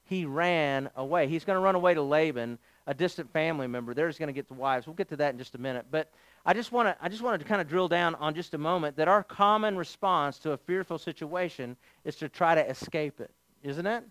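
A male pastor preaching a sermon, telling a funny story in an animated, joking way. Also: fairly high pitch, a little fast, dry recording.

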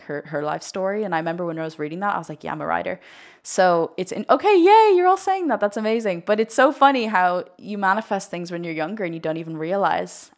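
A young woman hosting a spiritual podcast, chatting casually in a rambling, gushing, excitable way. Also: on the low side. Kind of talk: casual livestream chat.

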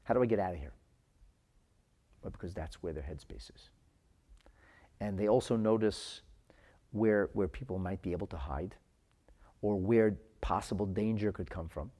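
A man teaching a Chassidic class to viewers, animated, repeating words as he searches for the right phrasing, and dropping into his talk. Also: deep voice, normal speed, pauses often. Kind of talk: live-streamed Torah class answering viewer comments.

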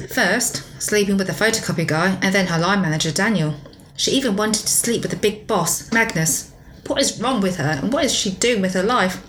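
A woman's voice: medium pitch, fairly bright tone, slight background noise, rough recording. A woman reading her own story aloud to friends, voicing both narration and dialogue. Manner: reads narration and dialogue, laughing between lines.

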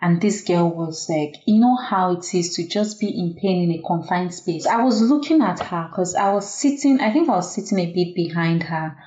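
A young woman speaks in a lowish voice, earnest and reflective, with lots of fillers. She sounds like a guest telling her own story. The room is echoey and the sound is dull and lo-fi. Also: moderate pace, few pauses, warm tone. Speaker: doctor. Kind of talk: personal storytelling in conversation.

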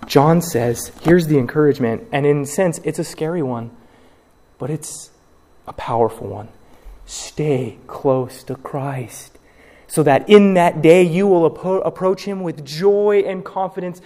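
A man preaching a sermon, dramatic, acting out the people he quotes and swinging from loud cries to hushed words. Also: a little high, measured pace, long reverb tail. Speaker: pastor.

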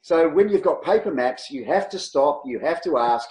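A man tells his travel stories with animation, his voice sitting a little high for a man. The room around him rings with a noticeable echo. He laughs easily and slips into the voices of people he met. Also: expressive, normal speed, a little mellow. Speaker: guest, long-distance cyclist. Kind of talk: casual storytelling interview. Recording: roomy echo.

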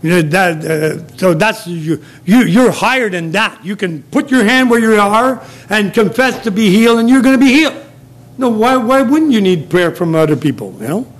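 High-voiced middle-aged preacher with a Quebec French accent. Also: male voice, animated, normal speed. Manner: chuckles often, rambling with restarts. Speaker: lay preacher. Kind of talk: informal sermon. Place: small café.

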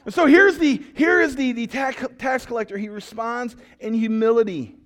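High-voiced animated male pastor. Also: moderate pace. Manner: storytelling, animated and joking, with acted-out quotes. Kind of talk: sermon.

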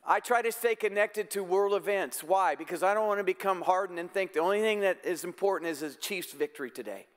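A man's voice: high voice, fairly bright tone, clear, resonant tone. A man preaching a sermon as pastor, talking in an earnest, conversational way. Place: church sanctuary. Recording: long church-hall reverb.

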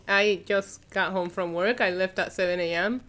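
Casting: female co-host, sassy, bright forward tone. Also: mid-range voice, fairly even intonation. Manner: sassy, quick to contradict. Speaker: podcast co-host. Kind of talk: casual wrestling chat.

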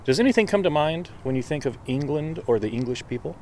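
A man's voice: fairly high pitch, animated, darkish tone, a little hiss or hum. A man from the United States, a podcast correspondent, playfully questioning strangers outdoors on a street. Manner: playful, mock-grand, quick to laugh. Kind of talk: casual street interviews.

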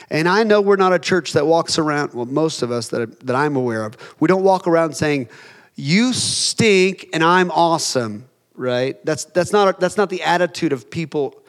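A man preaching a sermon as a pastor in a conversational way, acting out little quoted voices to make his points. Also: medium pitch.

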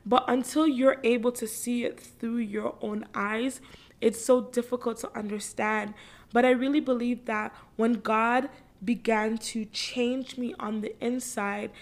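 A woman's voice: on the high side, fairly even intonation, unhurried. A woman from the Caribbean hosting a podcast, giving a fervent, conversational faith-based encouragement talk and repeating phrases for emphasis. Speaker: podcast host.

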